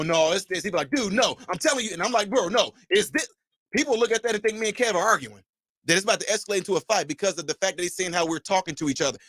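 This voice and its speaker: Male call-in host, middle-aged, high pitch, animated and emphatic, dry close sound. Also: dry recording. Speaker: host taking callers. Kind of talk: livestream commentary.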